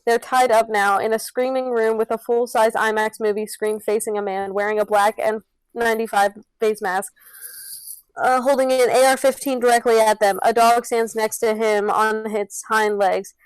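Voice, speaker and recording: A woman's voice: fairly high pitch, fairly even intonation, moderate pace, smooth, no room sound, low-quality recording. A woman reading out stage directions for a comedy podcast script reading on a close mic. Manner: reads stage directions with giggles. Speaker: narrator.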